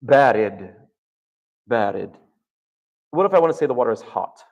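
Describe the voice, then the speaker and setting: A man's voice: fairly high pitch, expressive, rapid-fire, a little mellow, highs cut off. A man lecturing a seminar class on Arabic and scripture, quizzing his listeners with questions as he goes. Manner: engaging, quizzes the audience with questions.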